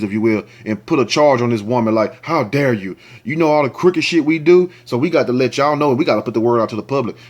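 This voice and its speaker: Indignant man ranting over a news story. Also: mid-range voice. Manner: indignant, ranting, swears freely; talks straight to viewers, asks for likes and shares. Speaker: commentary show host. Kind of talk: reading a news story aloud with angry commentary.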